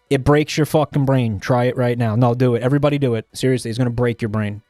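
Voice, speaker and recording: A man's voice: mid-range voice, steady tone, quick pace, dark tone, dry recording, clean studio sound, faint music behind. A man streaming live and chatting casually, joking around and swearing freely.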